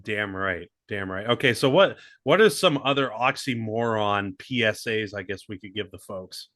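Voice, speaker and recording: A man's voice: moderate pace, no echo, clean studio sound. A man co-hosting a comedy sports podcast, telling goofy stories and laughing often. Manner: animated storytelling, jumps into goofy high put-on voices, laughs often. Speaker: podcast co-host. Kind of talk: casual comedic chat.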